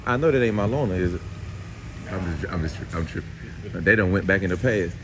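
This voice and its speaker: A man vlogging casually to his viewers at a car service shop, drawling and tacking "man" onto nearly every phrase, dropping to low mutters and rising to excited high exclaims. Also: fairly quick, background noise. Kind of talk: casual vlog talk to viewers. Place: car dealership service area, then in a car.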